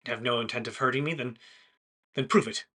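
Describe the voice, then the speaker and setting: A man voicing a secretive, cold male noble of a fey court who speaks in a hushed, guarded, curt way. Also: mid-range voice, a little fast.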